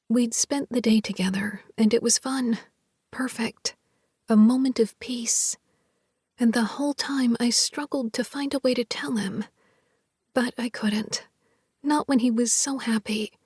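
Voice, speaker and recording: A woman narrating a first-person romance in a soft, half-whispered voice. Her pitch sits a little high, her pace is unhurried, and her tone is breathy, recorded dry and close. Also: no echo. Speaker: audiobook narrator.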